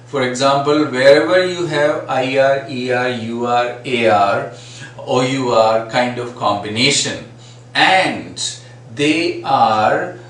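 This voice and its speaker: Man, slow measured lecture, distant mic, very echoey room. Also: mid-range voice, fairly bright tone. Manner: patient, repeats sample words to demonstrate sounds. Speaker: phonetics teacher. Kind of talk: classroom lecture. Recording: very echoey room, far from mic, faint noise.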